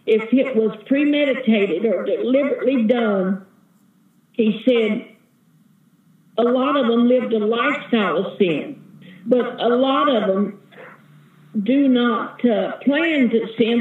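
A woman's voice: fairly high pitch, measured pace, reverberant, narrow, tinny audio. A woman evangelist giving an earnest, vivid testimony as a guest in an interview. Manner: earnest, vivid storytelling, calls listener sister.

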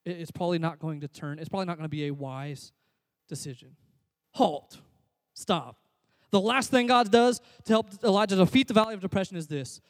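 A pastor preaching a sermon, swinging from loud, emphatic calls to soft, near-whispered passages. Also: male voice, sits high, fairly quick, no room sound.

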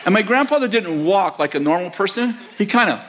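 A man's voice: high-pitched, expressive, fairly quick, a bit bright, slight background noise. An older man in his sixties, a pastor telling rambling, self-correcting childhood stories in a sermon, acting out the quotes. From United States. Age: 60s. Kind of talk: storytelling sermon. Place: church auditorium.

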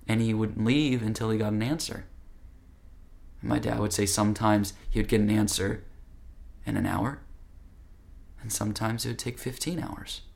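A man's voice: fairly low pitch, creaky. A man teaching yoga philosophy in an earnest, conversational, direct way. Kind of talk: spiritual talk.

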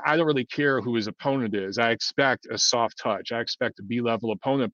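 A man delivers casual, blunt opinions in a rambling monologue, stopping often to restart. His voice sits at an ordinary pitch. The recording is dry and a bit muffled. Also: fairly bright tone, no room sound. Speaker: boxing commentator. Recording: dull lo-fi dry sound.

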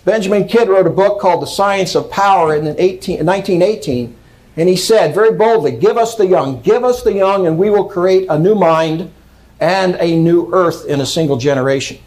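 A man's voice: high voice, moderate pace, darkish tone, rough recording. A man giving a lecture, reading out quotes and commenting on them emphatically, often checking in with "okay?".

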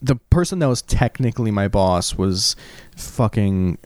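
A man's voice: fairly low pitch, expressive, measured pace, a little mellow, no room sound. A man in his thirties, co-hosting a casual podcast in a laid-back, joking way, laughing often and swearing. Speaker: podcast co-host. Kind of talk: casual chat.

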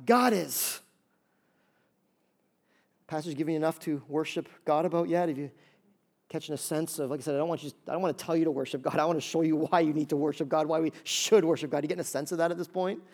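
A male pastor preaching a lively sermon, acting out little voices and jokes to make his points. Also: on the high side, fast talker. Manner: animated, acts out voices and jokes.

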